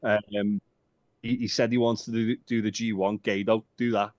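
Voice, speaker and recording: A low-voiced man co-hosts a chatty podcast, swearing freely and wandering between jokes and filler ums. The recording sounds dull and dry, with little room around it. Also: flat delivery, moderate pace, a little mellow, dry recording. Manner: sweary, jokey, rambling with many ums. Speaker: podcast co-host. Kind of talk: casual chat.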